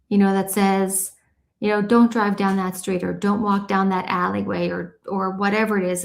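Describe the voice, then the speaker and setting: In a casual radio interview, a female guest recounts personal stories in a chatty manner, sprinkling in lots of "you know"s. Her medium-pitched voice is darkish and reverberant.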